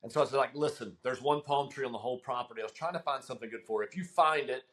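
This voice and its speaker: This middle-aged man, a guest caddie, rattles off a long story at rapid-fire speed in a mid-range voice. The chat is casual and animated, punctuated by laughter and frequent ums.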